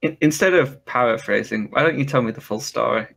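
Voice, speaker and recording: A man's voice: mid-range voice, a little fast, creaky, a bit bright. A man playing in a tabletop game, stammering a little and firing off questions. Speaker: player.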